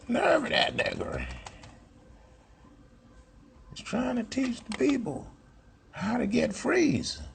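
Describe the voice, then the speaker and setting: A man's voice: very high voice, huge pitch swings, slow pace, gravelly, long pauses, slight background noise, voice pushed up, exaggerated voice. A man putting on a mocking heckler's voice that scoffs at the teacher.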